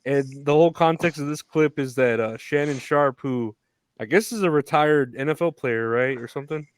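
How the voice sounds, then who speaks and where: A man's voice: medium pitch, moderate pace, clear, resonant tone, dry recording. A man co-hosting a podcast in casual chat, joking and laughing often. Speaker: podcast co-host.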